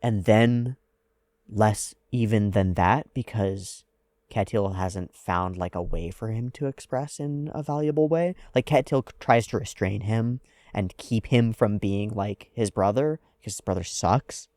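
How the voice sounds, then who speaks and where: A man's voice: on the low side, unhurried, darkish tone, no room sound, studio quality. A man hosting an anime reaction, talking through a character's psychology in a thoughtful, analytical way with frequent "like"s. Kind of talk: casual reflective commentary.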